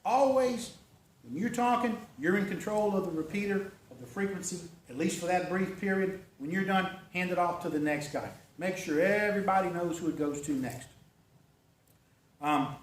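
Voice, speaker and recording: High-voiced man lecturing a club meeting. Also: a little hiss or hum. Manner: folksy, conversational, checks in with "okay?" and "right?". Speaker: club presenter. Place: meeting room. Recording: echoey room recorded from far off.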